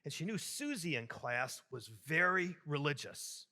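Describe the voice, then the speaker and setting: A man's voice: a little high, sing-song, a little slow, sharp tone. A man from Michigan, a bishop, preaching a homily to a youth conference in a large hall, telling jokes and addressing the crowd with animation.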